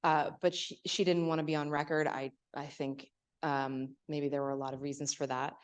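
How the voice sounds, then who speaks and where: Low-voiced woman author telling stories. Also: flat delivery, normal speed, clear, resonant tone. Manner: hesitant, many fillers and restarts, storytelling. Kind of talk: author talk at a library event.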